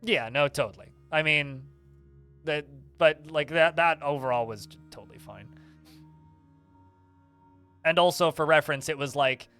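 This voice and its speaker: A man's voice: fairly high pitch, unhurried, pauses often, pushed and bright, clear, resonant tone, soft background music. A man streaming a game, casually telling a rambling anecdote full of fillers. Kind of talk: casual storytelling while playing a game.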